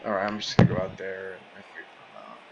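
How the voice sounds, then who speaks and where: A man's voice: deep voice, sing-song, rapid-fire, vocal fry, muffled recording, a crowd in the background. A man casually chatting as he plays a VR boxing game and eats pizza, easygoing and full of fillers. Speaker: gaming vlogger. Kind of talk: casual commentary over VR boxing.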